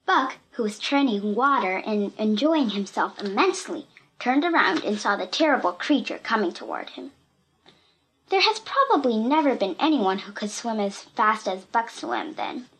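Woman reading a kids story aloud, higher voice, lots of ups and downs. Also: normal speed. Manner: lively, expressive reading. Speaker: narrator.

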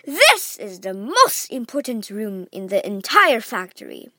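A woman's voice: mid-range voice, big pitch swings, pushed and bright, no room sound, clean studio sound, heavily acted. A woman voicing an eccentric, bossy male chocolate maker in a storybook read-aloud, snapping out whimsical commands. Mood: confiding stern. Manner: quick commands, whimsical wordplay.

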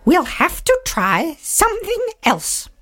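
A woman voicing Winnie, a clumsy, cheerful witch in a storybook reading, in a high, fussing, put-on voice. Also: wildly swooping pitch, takes it slowly, bright, forceful tone, heavily acted. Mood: fretful. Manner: fretful, fussing exclamations.

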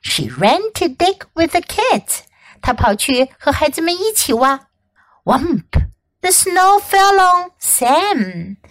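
A woman teacher reads a children's story aloud with clear, expressive diction. Her high voice rises and falls a great deal, and she takes her time. The recording is close and dry. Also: slow pace. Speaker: English teacher. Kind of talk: bilingual children's storybook reading.

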